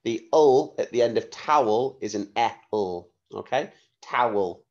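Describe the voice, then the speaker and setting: A man teaching a phonics lesson to young children, spelling words out letter by letter in a clear, slow dictation manner. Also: mid-range voice, lo-fi sound. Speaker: primary school teacher.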